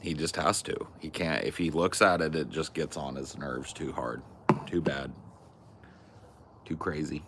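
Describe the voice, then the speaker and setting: A man's voice: very deep voice, steady tone, a little slow, background noise. A young man from California, casually bantering as a podcast host in a laid-back, crude, joking way.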